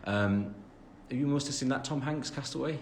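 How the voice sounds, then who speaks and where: A man's voice: medium pitch, moderate pace, a little hiss or hum. Chatty young Englishman rambling on a livestream. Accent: English Midlands. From England. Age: 20s. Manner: rambling, chatty, self-deprecating, many fillers. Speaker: livestream host reading fan questions. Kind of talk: casual chat. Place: at home after the gym. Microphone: phone camera.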